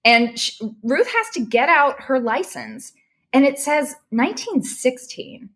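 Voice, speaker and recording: A woman guest telling a personal story in animated, emotional conversation, often restarting her sentences. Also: high-pitched, measured pace. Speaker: podcast guest.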